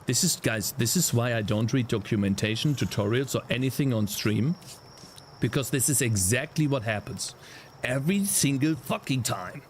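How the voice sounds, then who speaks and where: A man's voice: mid-range voice, animated, moderate pace, a little hiss or hum. A young man streaming as a game developer, ranting in exasperation with heavy swearing and sighs. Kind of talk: live-stream commentary while coding.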